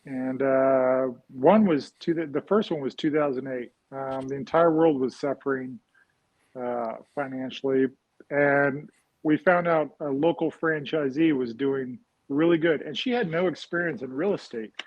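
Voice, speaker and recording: A man appears as a guest real estate investor in an interview, rambling casually, leaning on fillers and often tacking "right?" onto his points. His mid-range voice is unhurried. The recording is muffled and has no room sound.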